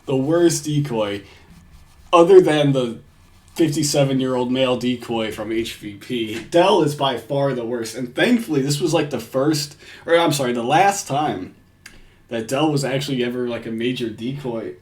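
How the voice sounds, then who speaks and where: A man's voice: medium pitch, normal speed. A man giving crude, casual reaction commentary from home, swearing and laughing often.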